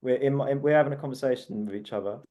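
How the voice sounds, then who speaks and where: A man's voice: medium pitch, rapid-fire, highs cut off. A man in his thirties, a podcast guest, talking candidly in a rambling way full of "like" fillers. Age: 30s. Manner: rambling, heavy use of "like" fillers. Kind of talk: candid casual conversation.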